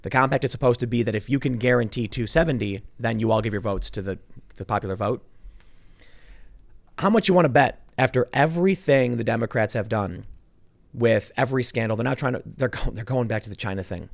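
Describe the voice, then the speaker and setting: A man hosting a podcast, talking politics in an animated, casual way. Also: medium pitch, a little fast, vocal fry, dry recording. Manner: animated, puts on voices when quoting people. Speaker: podcast host. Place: studio.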